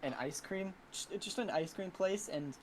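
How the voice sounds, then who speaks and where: A podcast co-host telling a story in a halting way, restarting often and trailing off. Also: medium pitch, slight background noise, rough recording. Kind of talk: casual chat.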